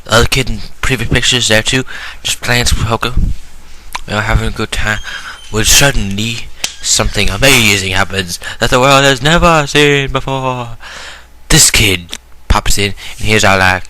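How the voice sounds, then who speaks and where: Vlogger man, deadpan rambling storyteller with a very bright, sharp tone. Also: lowish voice, moderate pace, poor audio. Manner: deadpan rambling, drops to mumbles. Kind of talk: absurd improvised storytelling.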